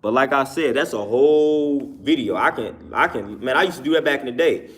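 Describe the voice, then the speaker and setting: A man's voice: mid-range voice, lively intonation, fairly quick. A man hosting a livestream and talking casually to his viewers' comments, repeating his points twice with emphasis and laughing between them. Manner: repetitive, emphatic, says each point twice. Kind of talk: casual talk to a live chat.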